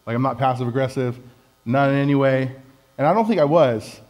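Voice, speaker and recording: Mellow-voiced man preaching conversationally. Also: medium pitch, fairly quick, rough recording. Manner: candid, self-deprecating, conversational. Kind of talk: conversational sermon.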